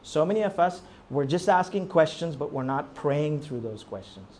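A man preaching a sermon, rising to near-shouts and falling low, often asking the congregation rhetorical questions. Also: animated, moderate pace, slight background noise. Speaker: pastor.

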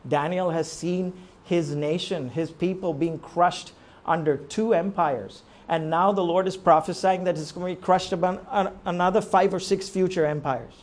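A man preaching a sermon, rising to near-shouts and falling low, often asking the congregation rhetorical questions. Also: fairly even intonation, moderate pace. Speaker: pastor.

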